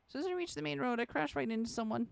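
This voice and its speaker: Casting: woman streamer narrating a game, heavy vocal fry, higher pitch, dramatic read. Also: very fast, no echo. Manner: expressive, with sudden high exclamations. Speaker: streamer reading a game aloud.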